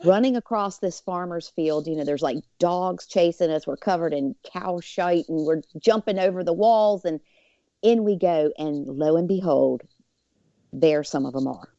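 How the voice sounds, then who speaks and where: Female guest, dark and dry, chatty storyteller who acts out the voices of others. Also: on the low side, moderate pace, no echo, muffled recording. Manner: lively, acts out quoted voices; many fillers. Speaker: podcast guest. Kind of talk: personal storytelling.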